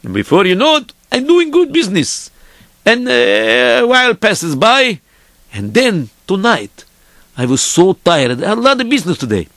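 A man's voice: high-pitched, huge pitch swings, moderate pace, gravelly, fairly bright tone, dry recording, clean studio sound, exaggerated voice. A man playing Peter, a weary, good-hearted peasant horseman, telling his story dramatically in broken English. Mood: tired. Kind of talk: theatrical storytelling.

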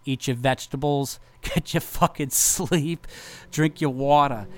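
Young male metal bassist from Massachusetts, casual, swears constantly, rambling and sincere. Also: a little slow, no echo. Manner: profane, rambling, heartfelt, lots of fillers. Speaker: touring metal bass player. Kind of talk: casual vlog thank-you message.

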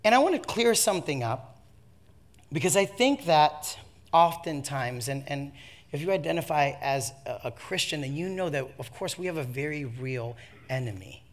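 A man delivers a sermon built around a comic tale from his life, alternating lively between soft asides and loud outbursts while chuckling at himself. He speaks on the high side at a moderate pace.

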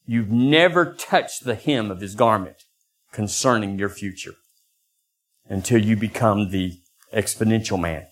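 An older man preaching a sermon as pastor, acting out quoted voices in lively bursts. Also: measured pace. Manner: animated, acts out voices with sudden high pitch jumps.

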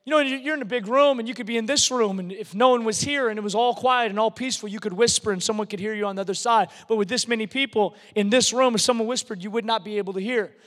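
A man preaching in a big hall with a long reverb trailing off his words. His voice sits very high for a man, and he presses his points hard, often doubling words as he builds up. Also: quick pace, hardly any pauses, fairly bright tone. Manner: emphatic, repeats words when building a point. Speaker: pastor. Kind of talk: sermon. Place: large church hall.

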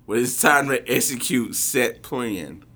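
A man's voice: mid-range voice, animated, a little slow, pushed and bright. A man co-hosting a podcast in casual chat, laid-back and chuckling as he talks. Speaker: podcast co-host.

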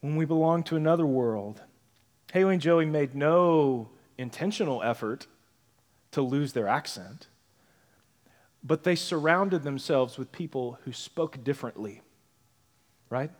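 A pastor preaching a sermon in a conversational style, often checking in with the congregation with tag questions. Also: male voice, on the high side, lively intonation, measured pace, pauses often, darkish tone, in a large hall. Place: church sanctuary.

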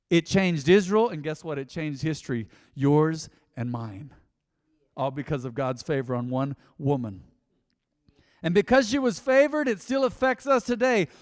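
High-voiced pastor preaching in a reverberant hall. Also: male voice, measured pace. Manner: animated storytelling, swinging from loud to soft. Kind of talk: sermon.

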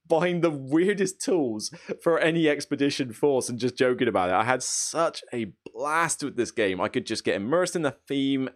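A man hosting a board game channel, recapping a match in a lively, storytelling way, laughing and acting out his own reactions. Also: mid-range voice. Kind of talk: casual gameplay recap.

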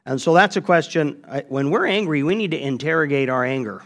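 A man preaching a sermon as pastor, emphatic and animated, with frequent restarts. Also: a little high, brisk, few pauses.

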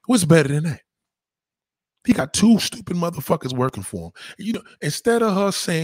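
A husky-voiced man rants, sweary and heated. His voice swings up and down all over, and the sound is dry and close. He jumps from loud bursts to low muttering. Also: expressive, moderate pace, dry recording. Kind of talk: profane ranting monologue.

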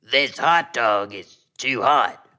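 A man voicing a hardboiled male private detective in a deadpan parody of noir narration, with a growling manner. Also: mid-range voice, slow pace. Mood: gruff.

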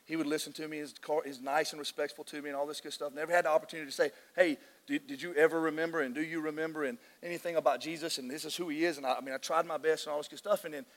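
Excitable preacher man in a reverberant hall. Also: on the high side. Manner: emotional, excitable preaching with frequent restarts. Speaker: pastor. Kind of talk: sermon. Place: large church hall.

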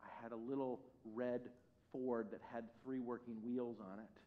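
A man preaching at a church service, telling a personal story in an animated, self-mocking way, with his voice swinging from quiet to loud. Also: medium pitch, normal speed. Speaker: pastor. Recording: dull lo-fi sound.

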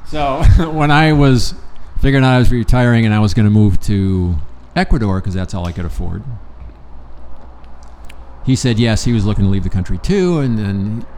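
A man's voice: lowish voice, moderate pace, a little mellow, slight background noise. A man in his sixties from Michigan, casually telling rambling, profane stories and acting out old conversations. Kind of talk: casual chat.

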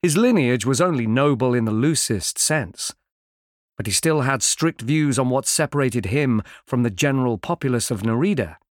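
A male audiobook narrator with a mid-range voice, reading fantasy prose in a measured, even, well-enunciated delivery. The sound is close-miked and very dry, with no trace of room. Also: medium pitch, no echo. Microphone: close studio mic.

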